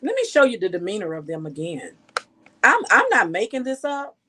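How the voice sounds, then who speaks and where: A woman's voice: mid-range voice, wildly swooping pitch, normal speed, sharp tone. A woman journalist giving outspoken, scolding news commentary full of rhetorical questions.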